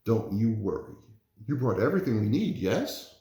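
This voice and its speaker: A man's voice: on the low side, sing-song, normal speed. A man doing a doting Italian grandmother. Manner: doting, softly coaxing. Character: Italian grandmother, older woman, loving and cheerful. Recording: roomy echo.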